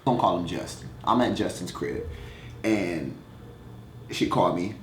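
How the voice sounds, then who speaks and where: A young man, a musician, answering fan questions in a casual vlog, telling candid, profane stories in an animated way. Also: sits low, normal speed, pauses often. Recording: echoey room, faint noise.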